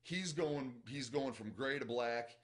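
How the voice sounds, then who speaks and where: A man's voice: mid-range voice, a little slow. A man with a Midwestern accent who reads a novel aloud and reacts to it in a chatty, enthusiastic way. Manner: chatty, enthusiastic, self-interrupting. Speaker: book reaction host.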